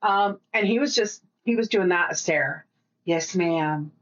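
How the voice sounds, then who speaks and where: A woman's voice: mid-range voice, a bit bright, lo-fi sound. Sex: woman. Role: podcast co-host. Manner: chatty, profane. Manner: chatty, profane, rambling with quick asides. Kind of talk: casual chat.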